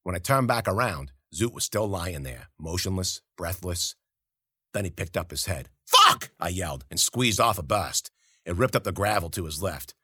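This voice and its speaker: Gritty, animated male storyteller. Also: deep voice, moderate pace, slightly rough, dry recording, clean studio sound. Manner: gritty, slangy, profane. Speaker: audiobook narrator. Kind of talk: first-person storybook narration.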